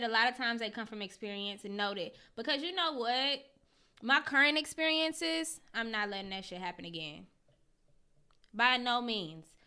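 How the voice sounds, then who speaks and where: A woman's voice: a little high, sharp tone, clean tone. A young woman hosting a casual livestream, reading out viewers' comments and answering them in slangy, candid talk. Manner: slangy and candid, swears freely; talks straight to viewers, greets them by name. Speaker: host reading live chat comments.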